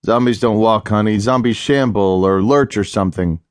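An easygoing, smirking husband brushes off his wife's panic, as a male narrator plays him. He talks in a low, dry, amused tone. The sound is close and free of room echo. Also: normal speed, natural voice. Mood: wry. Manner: dry, amused, matter-of-fact. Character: laid-back, teasing husband, unbothered and smug.

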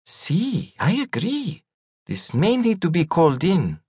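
A man's voice: sits high, huge pitch swings, slow pace, a little mellow, slightly rough, dry recording, clean studio sound, pitched above the performer's own voice, full character voice. Man voicing a cool, menacing cat. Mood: deadpan.

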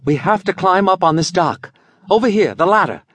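A man voicing a dashing, confident young scientist in an audiobook, brisk, reassuring and commanding. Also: high voice, lively intonation, fairly bright tone, husky, no room sound, voice pushed up, heavily acted. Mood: assured.

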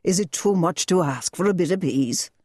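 A woman's voice: on the low side, lively intonation, normal speed, darkish tone, slightly rough, dry recording, clean studio sound. Woman voicing a weary shopkeeper dad. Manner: tired, plaintive complaining. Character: weary harassed Irish shopkeeper father, middle-aged.

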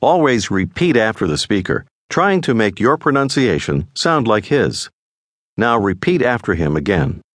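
A man narrating a scripted language lesson in a measured, patient teaching manner. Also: fairly low pitch, very animated, a bit bright, no room sound. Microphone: close studio mic.

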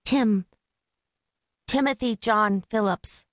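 A woman doing a high, reedy little boy. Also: slow, fairly bright tone, no echo. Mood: unsure. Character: small eight-year-old boy, high reedy voice.

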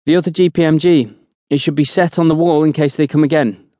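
A man voicing a terse, literal-minded male soldier who states facts flatly. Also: fairly high pitch, fairly quick, dry recording, voice pushed up, close to an everyday voice. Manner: flat, matter-of-fact corrections.

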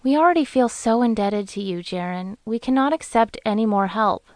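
A woman voicing a quiet, weary young wife in an audiobook, speaking softly. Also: fairly high pitch, lively intonation, moderate pace, dry recording, clean studio sound, voice pushed up, close to an everyday voice. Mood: earnest. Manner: soft and quiet.

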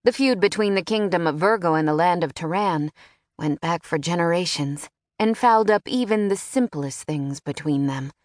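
A woman's voice: on the low side, no echo, studio quality. Woman narrating a fantasy audiobook.

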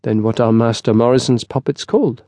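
Man playing a prim formal mason, disapproving, mellow low voice, dry close sound. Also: steady tone, brisk, dry recording, natural voice. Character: fastidious foreign master mason, older man.

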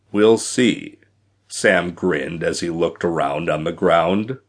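Guy narrating an audiobook, low voice, lots of ups and downs. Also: slightly rough. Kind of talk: scripted narration.

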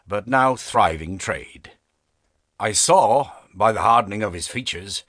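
Man, audiobook narration, measured, animated pitch, dry studio recording. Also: dry recording. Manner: measured, expressive storytelling. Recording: dry close studio sound.

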